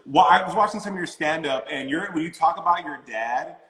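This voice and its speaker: A man's voice: fairly high pitch, brisk, a bit bright. A male host asking playful, teasing questions in a casual interview. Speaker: talk show host. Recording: echoey, reverberant room.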